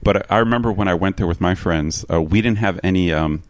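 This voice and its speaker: A podcast co-host from the expat scene in Bangkok chats in an easygoing, agreeable way, often restarting his sentences. His deep voice is brisk, with no echo.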